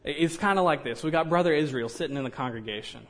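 A man's voice: fairly high pitch, quick pace, a bit bright. A man preaching a sermon in a conversational way, with joking asides and frequent "you know".

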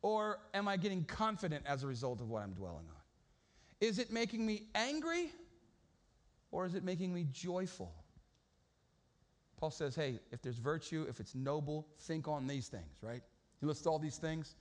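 A man's voice: a little high, sing-song, moderate pace. A man preaching a sermon in a casual, storytelling way, often repeating words as he goes. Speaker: pastor.

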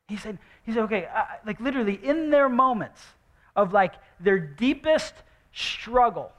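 Young male pastor, high voice, preaches loosely and conversationally, with dry sarcastic asides. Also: a bit bright. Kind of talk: sermon.

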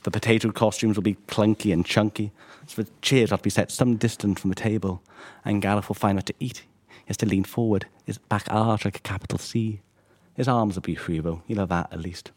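A man, an author, reading his own fiction in a measured, wry way and answering questions. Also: fairly low pitch, fairly even intonation, darkish tone.

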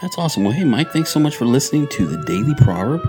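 A man's voice: medium pitch, very animated, quick pace, a little mellow, soft background music. A man co-hosting a faith podcast from a church radio studio, chatty and upbeat, sometimes reading passages aloud. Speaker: podcast co-host. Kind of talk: casual radio chat.

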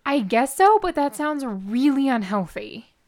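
A woman co-hosting a casual chat show, recapping a book in a wry, animated way. She reads passages aloud with mock drama. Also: sits high, measured pace. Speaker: podcast co-host reviewing a book.

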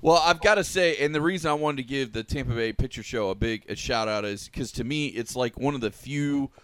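A man hosting a casual chat show, talking in a halting way and repeating words as he gathers his thoughts. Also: medium pitch, smooth, no room sound. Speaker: show host.

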